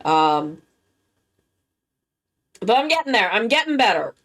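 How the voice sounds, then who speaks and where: A worn-out woman chatting casually with her live-stream viewers, halting and rambling as she recovers from being sick. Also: medium pitch, sing-song, fairly bright tone. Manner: rambling, halting, with many restarts. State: worn-out and tired, recovering from illness.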